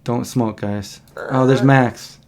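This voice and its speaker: A man's voice: medium pitch, steady tone, slow, darkish tone. Chatty man hosting a livestream. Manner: chatty, rambling, reacting to old videos. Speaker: livestream host. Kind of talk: casual livestream chat.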